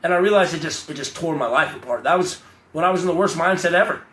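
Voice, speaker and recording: A man's voice: fairly high pitch, fast. A young man giving a blunt, profane, off-the-cuff rant to camera, often mocking others by putting on their voices. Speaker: vlogger. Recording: echoey, with loud ambient noise.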